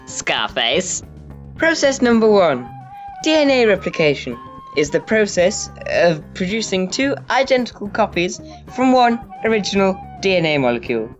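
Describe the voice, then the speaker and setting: A man voicing a gruff, rude male teacher who lectures curtly and hurls insults. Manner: deep, curt, insulting, lecturing. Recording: dull lo-fi audio with faint music.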